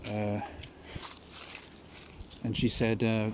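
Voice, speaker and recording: A man's voice: lowish voice, monotone, extremely slow, noisy background. A young man tells a personal story in a casual, rambling way with many fillers. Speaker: vlogger.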